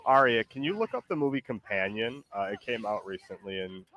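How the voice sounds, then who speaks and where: Chatting loosely as he streams a game, this man rambles, restarting often and saying "like" constantly. His voice sits on the low side, brisk and a bit bright, with lively intonation.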